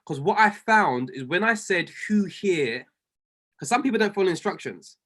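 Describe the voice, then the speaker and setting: A man's voice: high voice, animated, normal speed, a bit bright. Fervent male coach repeating his points. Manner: fervent, repeats lines for emphasis, addresses listeners by name. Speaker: trading coach. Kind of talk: motivational group call.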